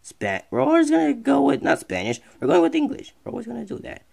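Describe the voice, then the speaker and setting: A streamer giving casual let's-play commentary, excitable and rambling, talking back to the game. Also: high-pitched, quick pace, creaky. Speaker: gameplay streamer.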